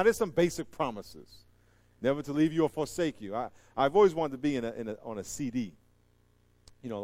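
A man preaching a sermon, animated and joking, swinging from loud emphatic lines to quiet asides. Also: mid-range voice, dry recording. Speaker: pastor.

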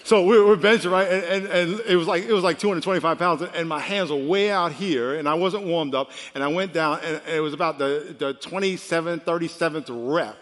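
Male pastor, 50s, fairly high voice, lively sermon storytelling, long church-hall reverb. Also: fairly quick, hardly any pauses. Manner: animated storytelling, swings from quiet to loud.

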